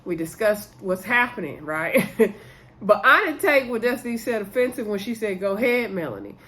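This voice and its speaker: Woman, vlog host, casual recap, chatty, animated, frequent laughs, fairly high pitch. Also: moderate pace. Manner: chatty, animated, laughs often, talks to viewers directly. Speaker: YouTube reality-show reviewer.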